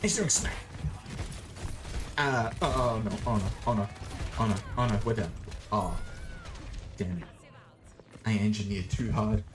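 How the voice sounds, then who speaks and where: A man's voice: on the low side, a little slow, pauses often, background noise. Goofy Australian streamer man. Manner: goofy, playful, swears, sings robot noises. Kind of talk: casual gaming stream chat.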